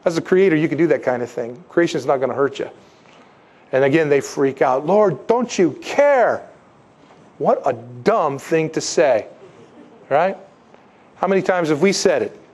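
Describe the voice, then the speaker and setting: A man with a slightly higher voice preaches a sermon. He talks conversationally and is animated, and he acts out the quotes himself. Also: normal speed. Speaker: pastor.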